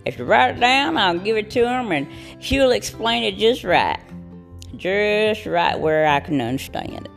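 A woman putting on a rambling old hillbilly man with a gravelly drawl. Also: mid-range voice, expressive, measured pace, soft background music, voice pushed up. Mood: stubborn. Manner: folksy drawl, rambling, calls her honey. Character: slow-witted old country hillbilly man patient.

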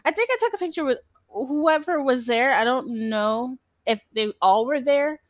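A woman's voice: sits high, lively intonation, normal speed, no echo. A young woman hosting a casual solo podcast, rambling with lots of fillers and restarts and laughing often. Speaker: podcast host.

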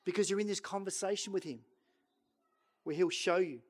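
A middle-aged male pastor delivering a sermon, swinging from loud urging to hushed, slow prayerful lines. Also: sits high, breathy edge.

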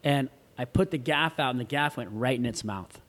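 A man's voice: medium pitch, moderate pace. A man who surfs, telling a wild story in casual chat, acting out the voices of the people in it and swearing freely. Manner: animated, acts out quoted voices, swears freely. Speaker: guest.

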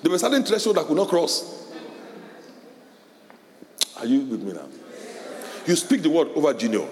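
A middle-aged man preaching a sermon as pastor, animated, laughing often and shouting in a high voice when quoting parents. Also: moderate pace. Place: church hall. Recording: echoey hall with long reverb.

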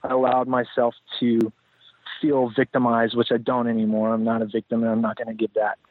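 A man's voice: medium pitch, monotone, a little fast. Guy rambling thoughtfully w lots of ums, tinny phone-ish sound, no room echo. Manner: reflective, rambling, many fillers and restarts. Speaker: podcast guest. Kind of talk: casual interview talk. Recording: tinny phone-like line, dry.

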